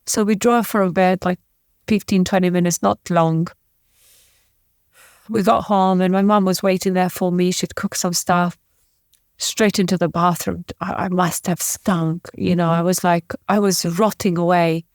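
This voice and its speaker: A woman's voice: lowish voice, little pitch movement, a little slow, darkish tone, no echo. Woman telling a painful story, dry sound. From former Yugoslavia. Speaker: podcast guest. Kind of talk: personal storytelling in an interview.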